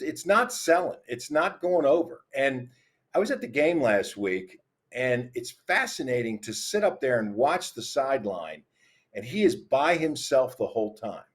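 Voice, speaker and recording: A man on a sports talk panel, telling stories in a relaxed conversational way. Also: medium pitch. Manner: storytelling, conversational.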